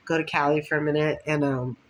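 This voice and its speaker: A woman's voice: sits low, steady tone, fast talker, rough recording. A woman telling rambling stories from her life in a casual monologue, swearing and laughing often. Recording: faint background noise.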